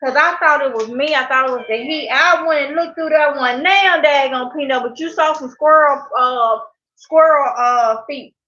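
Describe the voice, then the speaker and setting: A woman's voice: high-pitched, moderate pace, sharp tone. A woman chatting casually on a live stream as a channel host. She laughs often and reads out viewer comments. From Mississippi. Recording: echoey, dull lo-fi sound.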